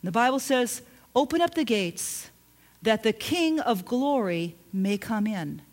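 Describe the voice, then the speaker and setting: A woman pastor preaching a sermon in an earnest, emphatic way, slowing into soft drawn-out passages. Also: a little high, animated.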